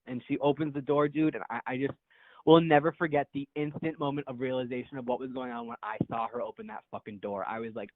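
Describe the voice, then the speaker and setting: A man's voice: mid-range voice, animated, fast, no room sound. A young man calling in, telling a rambling, profane story and laughing as he goes. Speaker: caller. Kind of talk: casual storytelling. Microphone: phone. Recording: tinny phone line, dry.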